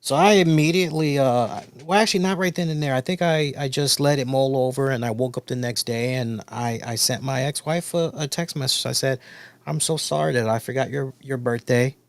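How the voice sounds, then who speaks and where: A man's voice: medium pitch, fairly quick, hardly any pauses, dry recording. A man hosting a wrestling review show, talking in a casual storytelling way and repeating points for emphasis.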